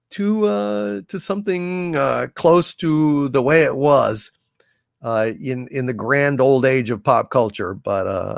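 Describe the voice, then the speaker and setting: A man's voice: medium pitch, creaky, dry recording, studio quality. A man hosting a casual livestream, reading out viewer messages and answering them in a blunt, profane way. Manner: blunt and profane, drawn-out emphatic delivery. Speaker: livestream host.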